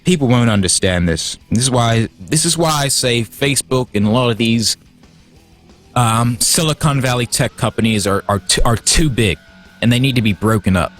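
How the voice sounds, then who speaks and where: A man's voice: medium pitch, normal speed, fairly bright tone, soft background music. A man hosting a livestream, heated and profane, stumbling over restarts as he gets worked up. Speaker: livestream host. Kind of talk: casual livestream rant.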